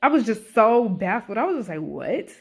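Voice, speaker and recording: A woman's voice: on the high side, brisk, breathy edge. Exasperated young woman ranting casually. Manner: animated, profane, exasperated. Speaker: YouTube reviewer. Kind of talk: casual rant review.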